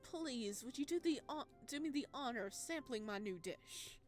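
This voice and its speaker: A man's voice: very high voice, expressive, moderate pace, faint music behind. A woman voicing a flamboyant male restaurant owner in a put-on vaguely Italian accent, grandiose and flowery. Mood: effusive.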